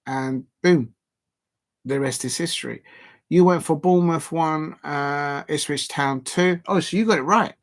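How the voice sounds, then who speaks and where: Brief: male stream host, raised pitch, animated and indignant, chatty fan commentary. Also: measured pace. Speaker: football watch-along host. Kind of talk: live-stream chat reading viewer comments.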